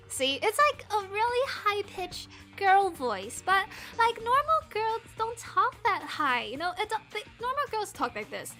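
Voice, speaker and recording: A woman from Asia chatting casually on a livestream, self-deprecating and quick to laugh. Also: extremely high pitch, very animated, bright, forceful tone, soft background music. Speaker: streamer.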